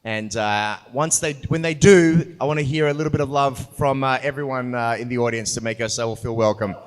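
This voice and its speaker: A man moderating a live convention panel on stage, excitable and rambling with lots of fillers. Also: mid-range voice, brisk. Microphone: handheld mic. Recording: reverberant hall with crowd noise.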